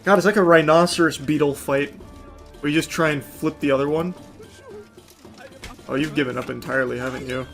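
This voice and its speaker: A man giving live gaming commentary, breaking into excitable shouted outbursts and profane, self-mocking asides. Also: fairly high pitch, fairly quick, long pauses, faint music behind. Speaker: gaming streamer.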